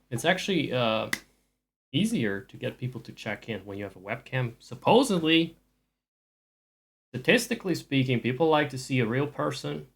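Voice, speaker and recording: A man's voice: mid-range voice, a bit bright. A man streaming live and chatting casually with viewers, rambling with dry jokes and frequent restarts.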